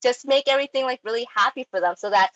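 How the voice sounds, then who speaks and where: A young woman giving a casual online talk on dog training, chatty and animated, with many ums and likes. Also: a little high, fast, no echo, muffled recording.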